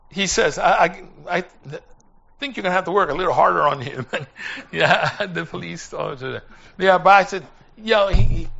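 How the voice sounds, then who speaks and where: A man preaching a sermon full of storytelling, animated, rising to shouts and slowing for emphasis. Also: high voice, vocal fry. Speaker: missionary preacher. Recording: dull lo-fi recording.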